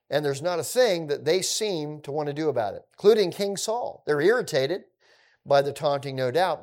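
A man teaching through a scripture passage in a conversational way, with relaxed asides. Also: on the high side.

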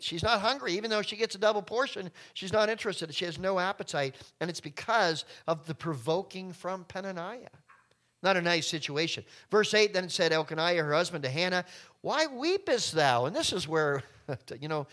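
A man's voice: fairly high pitch, sharp tone. A middle-aged man preaching a conversational sermon, often acting out voices and asides. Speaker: pastor.

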